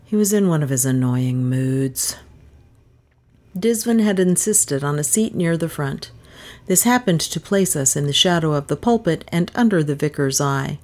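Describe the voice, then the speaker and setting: A woman's voice: low-pitched, expressive, moderate pace, darkish tone. A woman narrating an audiobook in a dry, wry storytelling manner.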